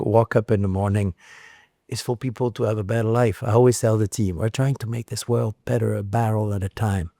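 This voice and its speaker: A man's voice: mid-range voice, dark tone, no echo, studio quality. A middle-aged man from France with a French accent, chatting as an interview guest and telling stories with many restarts and fillers. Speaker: guest, spirits producer. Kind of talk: casual interview chat.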